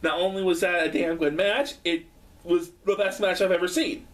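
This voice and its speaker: A man doing a rambling casual vlog at home, excitable and profane, laughing often. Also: high voice, normal speed, recorded from a distance. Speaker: vlogger.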